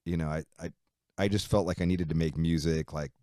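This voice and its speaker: A man being interviewed, telling a long story in a casual, animated way, swearing freely and acting out the people in it. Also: rumbling low, fairly quick, dry recording, clean studio sound. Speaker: musician guest.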